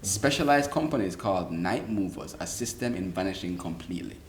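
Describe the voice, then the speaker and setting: A man with a lowish voice jokes his way through a casual chat with friends. He sounds roomy, with faint noise behind him. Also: expressive, brisk. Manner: joking, easily confused.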